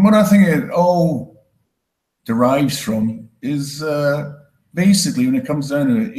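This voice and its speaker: A Scottish man with a slight Canadian tinge doing a crude, self-mocking stand-up set in a deadpan way. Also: roomy sound, low-quality recording. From Scotland. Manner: deadpan, crude, self-mocking, breaks into high mocking voices for quoted people. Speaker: stand-up comedian.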